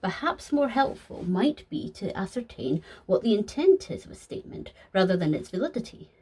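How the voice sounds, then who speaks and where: A woman's voice: mid-range voice, sing-song, dark tone, husky. A woman voicing a sly, polished male deceiver who talks formally with dry sarcasm in a fan audio sketch. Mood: lecturing. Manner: formal, measured, dryly sarcastic.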